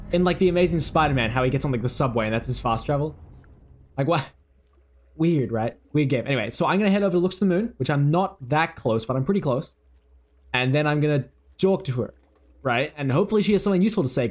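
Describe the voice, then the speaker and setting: A young man giving excitable, swearing gameplay commentary while he plays, talking to himself. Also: a little high. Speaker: gaming video creator.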